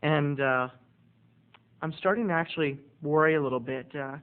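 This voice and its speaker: A man's voice: a little high, quick pace. A man from Maryland rambling through a casual storytelling vlog, chatty with playful dramatic swings, recorded with tinny lo-fi sound. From Maryland, USA. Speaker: video blogger.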